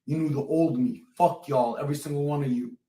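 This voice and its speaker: A man's voice: a little high, steady tone, brisk, mellow, far from the mic. A man live streaming from a hotel room, talking in brash, profane rants to his chat and to an emergency dispatcher. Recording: roomy sound, away from the mic.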